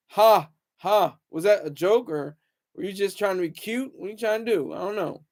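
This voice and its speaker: A young man ranting casually to his viewers, taunting critics in a loud, rambling way. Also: sits high, moderate pace. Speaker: streamer talking to viewers. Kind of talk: casual livestream rant.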